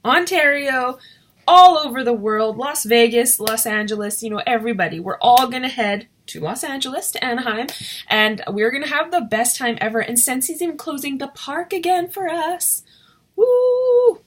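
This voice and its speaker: Woman vlogger, slightly high voice, shaky and teary, rambling with fillers and restarts. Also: fairly quick, fairly bright tone, slight background noise. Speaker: direct sales consultant vlogger. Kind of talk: casual emotional vlog to camera.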